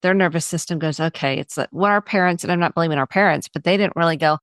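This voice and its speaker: A woman's voice: lowish voice, fast talker, a bit bright, no room sound, studio quality. A woman hosting a podcast interview, earnest and affirming as she builds on her guest's points. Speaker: podcast host and therapist.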